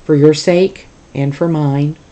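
A teacher reading aloud, voicing a small, loyal male dog who speaks bluntly and coaxingly, with a mellow tone. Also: medium pitch, steady tone, slow, close to an everyday voice, poor audio.

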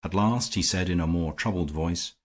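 A man reading an audiobook aloud in a measured, even storytelling manner. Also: deep voice. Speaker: audiobook narrator. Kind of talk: scripted narration.

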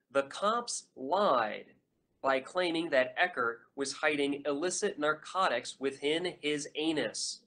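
A man narrating his own nonfiction audiobook in a measured, earnest reading voice, leaning hard on key words. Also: a little high, a bit bright.

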